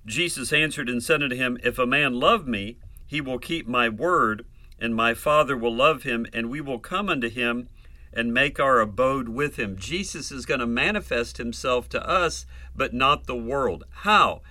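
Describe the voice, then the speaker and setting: A man preaching a Bible lesson verse by verse, slow and deliberate, asking rhetorical questions and answering them himself. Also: mid-range voice, pushed and bright, no echo.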